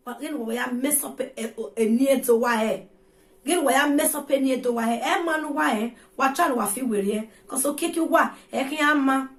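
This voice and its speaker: A Nigerian woman lectures her viewers in a vlog, her voice sitting high. She scolds and repeats her points, sliding between English, Pidgin and Yoruba. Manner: scolding, preachy and repetitive. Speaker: vlogger. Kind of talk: ranting vlog monologue.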